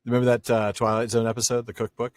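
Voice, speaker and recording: A man's voice: mid-range voice, level tone, quick pace. A man hosting a podcast, enthusiastically discussing a book and paraphrasing its characters playfully. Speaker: podcast host.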